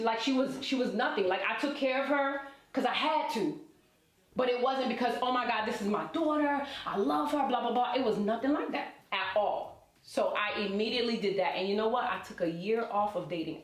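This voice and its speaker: A woman in her thirties, an interview guest and relationship coach, telling her life story in a lively, colloquial way and talking straight to her listeners. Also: a little high. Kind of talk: personal storytelling in conversation. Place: indoor event space. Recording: roomy echo.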